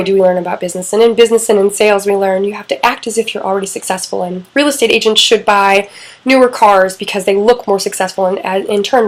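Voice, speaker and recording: A woman's voice: medium pitch, low-quality recording. A middle-aged woman coaching on relationships in a casual, candid talk, swearing freely and acting out quoted lines.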